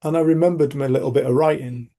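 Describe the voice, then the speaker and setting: Speaking fast in a fairly high, warm voice with vocal fry and a steady tone, a middle-aged community group host tells personal stories reflectively. He's frank and rambling, often restarting sentences and dropping casual swear words.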